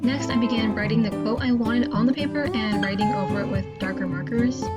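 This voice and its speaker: A woman's voice: fairly high pitch, fairly quick. A young woman vlogging in a chatty, self-mocking way, tired after a sleepless night. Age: young adult. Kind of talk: casual vlog and voice-over narration. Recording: music playing underneath.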